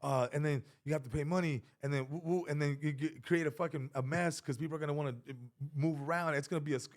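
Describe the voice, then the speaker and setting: Swearing, animated male comedian. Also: a little high, fast. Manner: animated storyteller who acts out quotes, swears freely. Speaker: comedian guest. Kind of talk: casual podcast chat.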